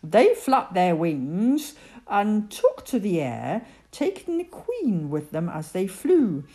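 A woman reading a children's story aloud, narrating in an expressive, dramatic way. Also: medium pitch, takes it slowly.

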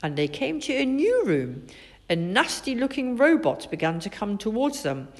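A woman reading a children's storybook aloud, expressive and animated. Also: on the high side, moderate pace. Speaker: narrator.

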